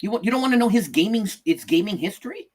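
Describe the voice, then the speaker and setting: A man's voice: high-pitched, lively intonation, quick pace, a little mellow. A middle-aged man co-hosting a podcast in casual chat, joking and repeating himself. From outside the United States. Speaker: podcast co-host.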